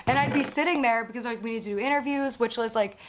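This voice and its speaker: A woman's voice: fairly high pitch, fast, background noise. Exasperated woman telling a story with frequent swearing. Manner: animated, exasperated, swears often. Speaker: actress recounting a production. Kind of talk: casual storytelling.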